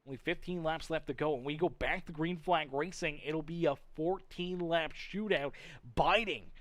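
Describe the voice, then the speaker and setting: A man giving play-by-play commentary on a sim racing league broadcast, breaking down crashes and pit stops in steady analysis. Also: fairly high pitch, moderate pace, dry recording. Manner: excited, shouts at crashes; steady explanatory replay analysis. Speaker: race commentator.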